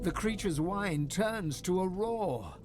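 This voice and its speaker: A man giving scripted narration for a video game, measured and descriptive. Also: sits high, lively intonation, music in the background.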